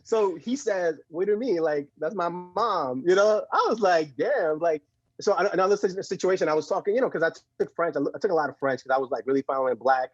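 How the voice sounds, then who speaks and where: Fast-talking animated man, muffled dry sound. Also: fairly high pitch, dry recording, soft background music. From Puerto Rico. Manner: animated storyteller, laughs often, repeats words. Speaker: podcast guest. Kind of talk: casual conversation.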